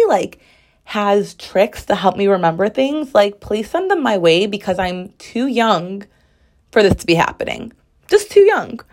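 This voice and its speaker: A woman's voice: mid-range voice, darkish tone. A woman in her twenties hosting a casual solo podcast, chatty and sassy, with many "like" fillers. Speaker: podcast host.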